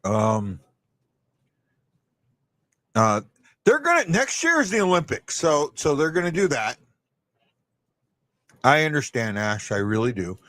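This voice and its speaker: A man's voice: fairly high pitch, big pitch swings, unhurried, pauses often, a bit bright, no room sound. A man hosting a live stream, talking casually and bluntly, rambling with many restarts and the odd swear word. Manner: blunt and opinionated.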